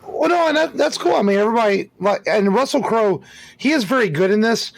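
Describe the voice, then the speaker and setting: A man's voice: high-pitched, expressive, brisk, vocal fry, dry recording. A man co-hosting a podcast, talking loosely and conversationally about a film. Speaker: podcast co-host. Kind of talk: casual movie discussion.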